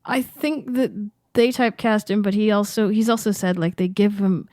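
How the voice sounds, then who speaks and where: A woman's voice: mid-range voice, steady tone, moderate pace, a little mellow, no room sound, studio quality. A woman co-hosting a podcast, telling stories in casual chat and laughing often. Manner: chatty storytelling, laughs often. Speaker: podcast co-host.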